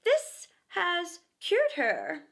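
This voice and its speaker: A woman's voice: very high voice, wildly swooping pitch, extremely slow, vocal fry, fairly bright tone, pitched above the performer's own voice, exaggerated voice. A woman doing Slightly, a pompous boy. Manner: pompous, tut-tutting. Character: boy playing pompous doctor, self-important.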